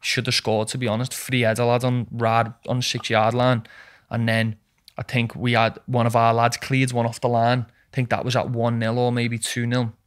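A young man, a footballer guest telling animated stories in casual chat and calling everyone "lad". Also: medium pitch, normal speed. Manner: animated storytelling, says "lad" constantly.

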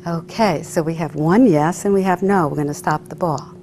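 A woman's voice: sits low, normal speed, darkish tone, a little hiss or hum. A woman hypnotist leading a live stage demonstration, coaxing volunteers with sing-song repeated phrases. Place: room with a live audience.

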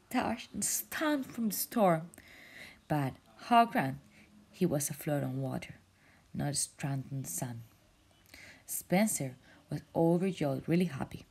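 A woman reading a children's story aloud, often in a soft whisper, stopping to ask the child questions. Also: sits low, gravelly, breathy edge. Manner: slow, often whispered narration with asides to a child.

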